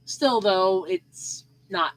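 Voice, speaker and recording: Speaking very slowly in a mid-range voice, this solo podcast host sounds sleepy as she rambles casually, leaning on fillers and repeating herself. The recording quality is poor.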